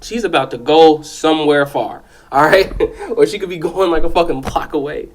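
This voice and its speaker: Man, somewhat high voice, loose profane storyteller, keeps checking the listener is with him. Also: moderate pace, slight background noise. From South Side of Chicago. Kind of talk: casual spoken storytelling.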